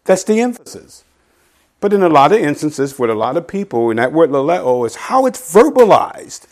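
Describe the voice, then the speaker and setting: A middle-aged man preaching a sermon in a conversational teaching style, reading scripture slowly and asking his listeners "right?". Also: a little high, big pitch swings, a little mellow. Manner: quotes scripture slowly and deliberately. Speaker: pastor.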